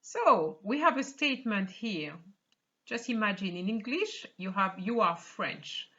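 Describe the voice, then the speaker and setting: A woman teaches a beginner language lesson at a slow, patient pace, repeating key points and checking with the viewer. Her voice is bright with a lively pitch, on a slightly dull, lo-fi recording. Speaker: French teacher.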